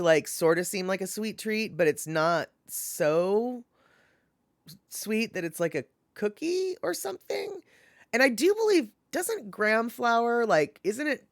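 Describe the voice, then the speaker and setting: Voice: mid-range voice, very animated, unhurried, no room sound, studio quality. A live streamer in casual chat, rambling with many fillers and self-corrections while answering viewers by name.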